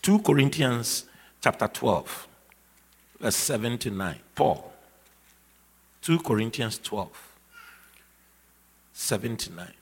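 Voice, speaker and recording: A man preaching a sermon emphatically, repeating key phrases and building to shouts. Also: mid-range voice, animated, takes it slowly, pauses often, husky. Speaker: pastor. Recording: long reverb of a large hall.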